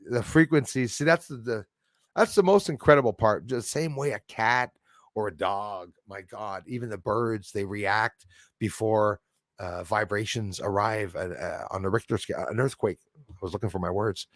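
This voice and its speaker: A man's voice: lowish voice, no room sound, studio quality. A man hosting a live stream, reading viewer comments aloud and rambling in casual, loose chat, laughing often and trailing off mid-thought. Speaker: livestream host reading chat.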